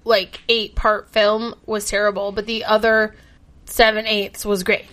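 A young woman co-hosting a casual podcast chat, heated and swearing freely, quick to laugh. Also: mid-range voice, little pitch movement, a bit bright. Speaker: podcast co-host.

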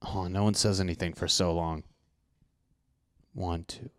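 A young man reacting to a dating show clip in crude, excitable commentary, often swearing and acting out what people are thinking. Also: sits low, measured pace, dry recording. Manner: excitable, swearing, mock-narrating others' thoughts.

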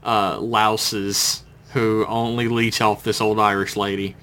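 A man's voice: on the low side, flat delivery, noisy background. A man co-hosting a comedy podcast, recapping an episode in casual chat, laughing often, swearing and briefly putting on character voices. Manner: laughing, profane, acts out characters in quick voices. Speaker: podcast co-host.

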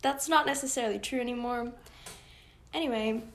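A young woman chats casually on a podcast and keeps asking how things could be possible. Her voice sits a little higher than most. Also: a little fast, creaky, rough recording. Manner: curious, asks incredulous questions. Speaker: podcast co-host. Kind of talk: casual chat.

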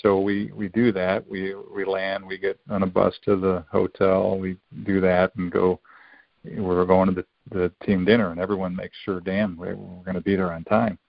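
A man in his fifties, a former college football player appearing as a podcast guest, tells casual stories that ramble, restart, and slip into acted-out quotes. His voice is deep and gravelly, his tone level, and his pace moderate. The recording has a dull, lo-fi sound with no room sound.

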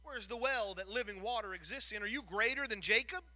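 High, bright-voiced preacher. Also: male voice, brisk, no room sound. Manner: storytelling preacher who acts out the Bible scene, stumbles and repeats words. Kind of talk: sermon.

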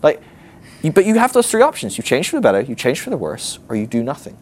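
A man's voice: mid-range voice, fast talker. A man teaching a ministry class in a conversational way, often acting out what people might say to themselves. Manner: animated, conversational, acts out quoted inner voices.

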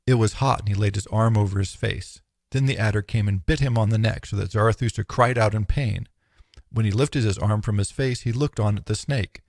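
A man with a low, gravelly voice reads a philosophical text in a measured, solemn declamation. The recording is dry and close, with no room sound. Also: darkish tone, no echo. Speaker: narrator. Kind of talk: audiobook reading of philosophy.

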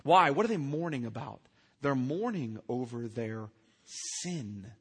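A man's voice: medium pitch, lively intonation, measured pace, fairly bright tone, breathy edge, in a large hall. A man preaching a sermon as pastor, earnest and emphatic, asking his listeners questions. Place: church sanctuary.

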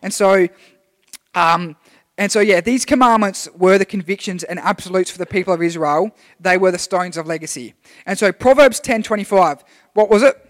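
A young man delivers a chatty, rambling sermon, restarting his sentences as he goes. His voice sits high for a man. It rings out in a church hall with a long reverb. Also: moderate pace, a bit bright. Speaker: youth preacher. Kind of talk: casual sermon.

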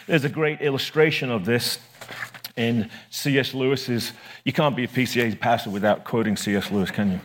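A man's voice: mid-range voice, fairly quick, slight background noise. Man preaching a conversational sermon. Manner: conversational preaching with rising emphasis. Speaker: pastor.

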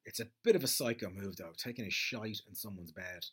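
A man's voice: fairly low pitch, fairly quick, slightly rough. Profane rambling man. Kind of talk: comedic monologue.

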